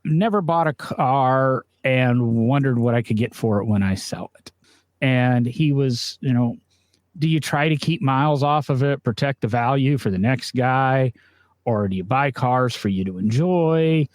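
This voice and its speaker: A man co-hosting a casual podcast over a green-screen video call chats easily and laughs a lot. He talks unhurriedly in a mid-range voice, without echo.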